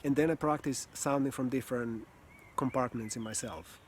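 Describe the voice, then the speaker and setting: Man, voice coach, calm and earnest, unhurried reflective delivery, faint hiss behind. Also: mid-range voice. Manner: calm, earnest, slow with pauses, occasional sighs and soft laughs. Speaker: communication and voice coach. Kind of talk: reflective teaching talk.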